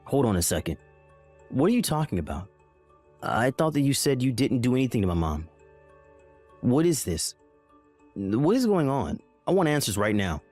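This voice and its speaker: A man's voice: mid-range voice, big pitch swings, moderate pace, long pauses, a little mellow, soft background music. A man voicing a confused young husband in a dramatized story, pleading and anxious. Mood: bewildered. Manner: confused, pleading, rising alarm.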